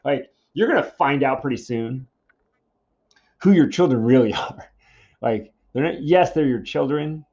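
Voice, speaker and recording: Brief: chatty, mid-pitched male teacher paraphrasing a play, in a dull, muffled recording. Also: a little mellow. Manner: casual, chatty paraphrasing full of fillers. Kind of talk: informal explanation of a play.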